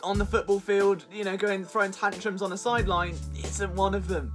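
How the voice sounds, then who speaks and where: A young man hosts a sports vlog in a comic, exasperated rant. His voice sits high, and he swings between mock outrage and deadpan asides. Faint music plays underneath. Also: fairly quick. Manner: sarcastic, exasperated, mock-dramatic. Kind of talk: comedic sports rant to camera.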